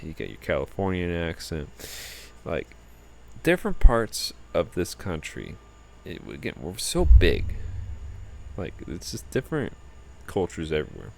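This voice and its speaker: A tired young man rambling casually about his trip in a relaxed vlog. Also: deep voice, unhurried, creaky, a little hiss or hum. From United States. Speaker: vlogger.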